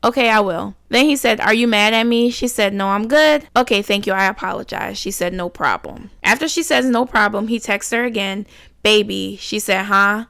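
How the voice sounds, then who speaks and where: A woman's voice: medium pitch, normal speed, creaky, clean tone, dry recording, studio quality. A woman hosting a reaction channel, reading out text messages in casual commentary and reacting bluntly with exasperation. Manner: blunt, exasperated, rising loud when indignant.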